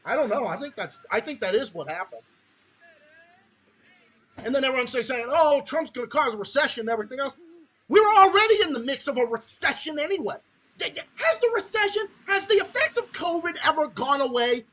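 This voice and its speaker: A man's voice: very high-pitched, big pitch swings, fairly quick, bright, forceful tone, rough recording. A man hosting a podcast, ranting angrily about politics with heavy swearing and mocking put-on voices. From Massachusetts, USA. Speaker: podcast host. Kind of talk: political rant.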